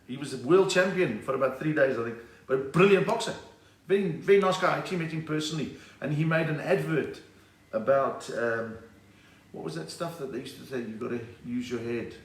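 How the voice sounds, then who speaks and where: Comedian chatting jokes on a phone livestream, roomy echo, bit far off. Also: male voice, on the high side. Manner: chatty, quick, acts out characters, chuckles. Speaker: stand-up comedian. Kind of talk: live-streamed joke telling.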